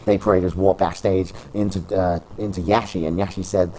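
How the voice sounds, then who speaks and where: A man calling a wrestling match as play-by-play commentator, shouting names over and over in bursts of excitement. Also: sits low, normal speed, hardly any pauses, a little hiss or hum, rough recording.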